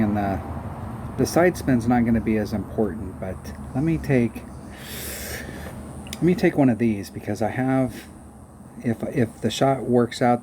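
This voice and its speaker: A fairly low-pitched man gives casual, rambling commentary on a mobile golf game, poking fun at himself and humming little tunes, with background noise audible.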